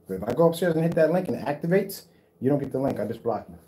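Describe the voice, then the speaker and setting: A man races along in a warm, mid-range voice full of lively intonation. Hosting a casual livestream about DIY projector screen paint, he replies to viewer comments brashly, teasing and trash-talking people before pretending to calm them down.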